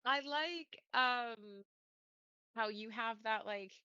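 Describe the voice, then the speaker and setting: A woman's voice: on the high side, very slow, pushed and bright, smooth, no room sound, lo-fi sound. A woman co-hosting a podcast in casual chat, teasing and laughing through playful banter. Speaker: podcast co-host.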